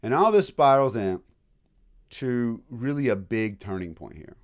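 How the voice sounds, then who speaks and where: A man giving a casual college history lecture in a classroom, joking and acting out quick voices of historical groups. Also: on the low side, animated.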